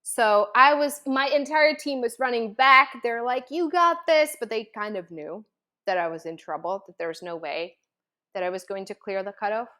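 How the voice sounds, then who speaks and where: A woman's voice: medium pitch, moderate pace, sharp tone. A woman host telling a personal story in an earnest, emotional way, with lots of fillers and restarts.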